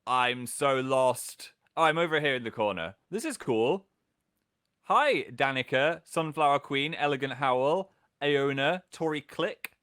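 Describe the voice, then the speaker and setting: A man's voice: medium pitch, animated, a little slow, a bit bright, smooth. A man hosting a casual livestream, chatting playfully and reading out viewers' comments with a jokey, self-mocking manner. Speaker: livestream host.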